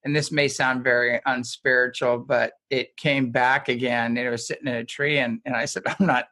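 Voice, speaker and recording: Man, interview guest, casual storytelling, rambling, restarts, mid pitch. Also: level tone, moderate pace, bright, forceful tone. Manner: rambling, with frequent restarts and chuckles.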